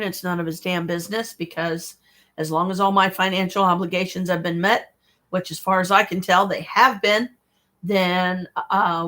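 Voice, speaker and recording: A woman's voice: medium pitch, a bit bright. A woman talking in a casual livestream monologue, rambling, blunt and exasperated, swearing freely as she speaks straight to a viewer. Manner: speaks to one viewer directly.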